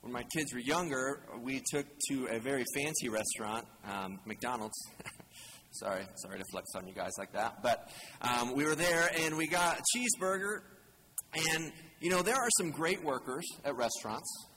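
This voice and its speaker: In a sermon full of jokes and questions for the congregation, a male pastor speaks casually at a moderate pace. His medium-pitched voice is expressive with a sharp tone, and the audio carries long hall reverb plus faint background noise.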